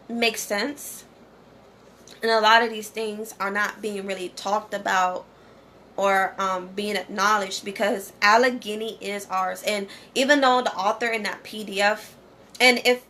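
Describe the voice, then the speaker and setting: A woman's voice: medium pitch, pushed and bright, slight background noise. A woman, talking casually and directly to her viewers, often checking in with "okay?". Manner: conversational, repeats "okay?" and "you know". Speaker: channel host.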